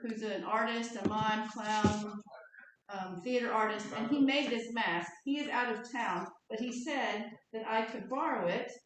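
A woman pastor telling a story in a relaxed, conversational sermon. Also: a little high, measured pace, noisy background. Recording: echoey church hall from far off.

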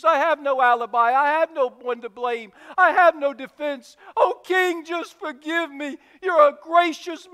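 A man voicing a guilty male servant who stammers and begs for mercy, with long hall reverb. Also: bright, forceful tone. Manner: stammering, begging, voice dropping low.

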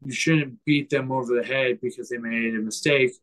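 Measured man, a fighter on a podcast. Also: medium pitch, steady tone, fairly bright tone, low-quality recording. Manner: measured, searching for words. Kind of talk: casual podcast conversation.

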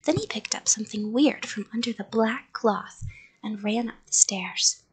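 A woman reading a spooky storybook aloud, hushed and often slipping into whispers, pausing to ask her listeners whether to go on. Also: a little high, husky, poor audio. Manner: chats with listeners between parts.

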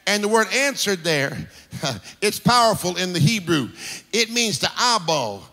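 A man pastor preaching a sermon in a rhythmic, sing-song style that swells into shouts. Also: sits high, sing-song, a little slow. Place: church sanctuary. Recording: reverberant hall with music underneath.

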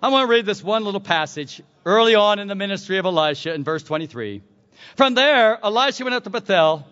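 A man preaching a sermon, telling the story dramatically and swinging from shouts to hushed tones. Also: high-pitched, expressive, a little fast. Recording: dull lo-fi recording.

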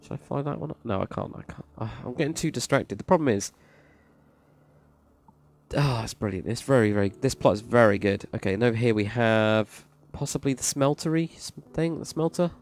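A man's voice: mid-range voice, lively intonation, a little fast. A man giving casual, enthusiastic, rambling commentary while touring a game build. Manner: enthusiastic, rambling, praises freely. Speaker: Minecraft server plot reviewer. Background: faint background music.

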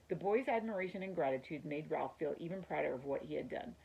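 Low, gravelly woman reading a chapter book. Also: a little fast, hardly any pauses, a little mellow, rough recording. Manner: friendly, explains words. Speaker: teacher reading to a class. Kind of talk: read-aloud storytelling.

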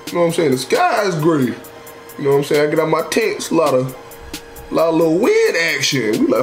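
A young man telling a funny story in a profane, animated, slangy way. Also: a little high, moderate pace, soft background music. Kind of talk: comedic storytelling.

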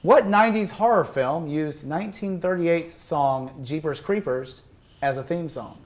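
A man's voice: on the high side, unhurried. A young man hosts a casual student game show. His delivery is playful and loose, with frequent laughter between the questions. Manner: playful, jokey, laughs often.

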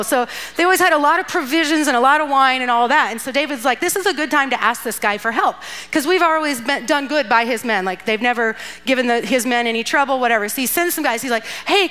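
A woman's voice: sits high, pushed and bright, clean tone. A woman giving a casual, playful sermon, retelling a Bible story with asides and acted-out lines. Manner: chatty and playful, acting out characters with asides and laughs. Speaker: guest speaker at a church youth event.

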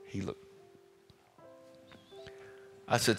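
A man, a pastor, tells a folksy testimony to his congregation, animated and stumbling over repeated words. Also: lowish voice, measured pace, gravelly, long pauses. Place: church sanctuary. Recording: reverberant hall with faint music.

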